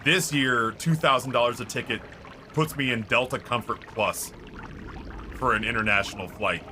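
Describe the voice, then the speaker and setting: A man talks casually into a desk mic while he streams, at an ordinary mid pitch. His delivery is rambling and profane, full of restarts and filler words. A clear layer of noise sits under his voice. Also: normal speed, sharp tone. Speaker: Twitch streamer.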